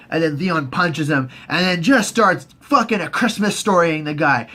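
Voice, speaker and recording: A man casually recapping a TV season in a rambling, profane way, often jumping into squeaky put-on voices for the characters. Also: moderate pace, a bit bright. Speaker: host.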